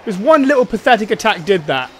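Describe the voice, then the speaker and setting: High, excitable young man gaming. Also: fast talker. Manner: excitable, yelps and laughs in panic. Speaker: gameplay streamer. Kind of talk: co-op gameplay commentary.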